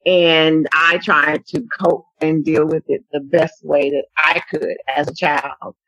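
A woman from Dallas, Texas, giving personal testimony as a podcast guest, speaking earnestly in a halting way with repeated phrases. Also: deep voice, little pitch movement, a bit bright, no room sound, highs cut off. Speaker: podcast guest, survivor advocate.

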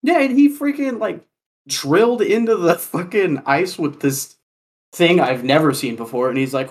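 Kansas dude telling a wild story, swears a lot, says like constantly. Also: male voice, on the high side, moderate pace. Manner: profane, animated storytelling with many "like" fillers. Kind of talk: casual storytelling chat.

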